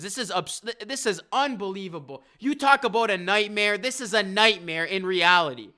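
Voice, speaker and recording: A man's voice: high voice, lively intonation, normal speed, sharp tone. A young man hosting a live sports reaction stream, upset and rattled, exclaiming in disbelief.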